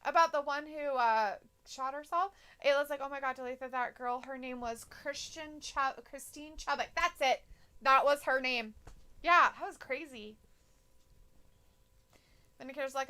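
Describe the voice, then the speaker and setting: A woman's voice: high voice, fairly even intonation, normal speed, sharp tone, clear, resonant tone. A woman co-hosting a casual wrestling live stream, reading viewer comments aloud and reacting bluntly with plenty of swearing. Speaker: co-host reading chat.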